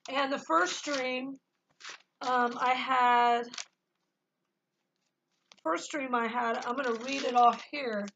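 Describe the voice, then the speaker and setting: A woman's voice: fairly high pitch, bright, forceful tone, poor audio. A woman talking to her camera and sharing her spiritual experiences in an earnest, rambling way, with many fillers. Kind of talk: casual spoken testimony.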